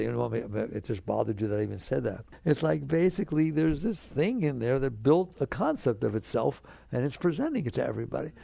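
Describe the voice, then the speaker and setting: A man teaching spirituality in a relaxed, conversational way, often asking his listeners rhetorical questions. His voice is gravelly and mellow, and he speaks at a middle pitch. The sound is dry and close, with no room echo. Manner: soothing, coaxing the listener to relax. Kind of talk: spiritual talk to an audience.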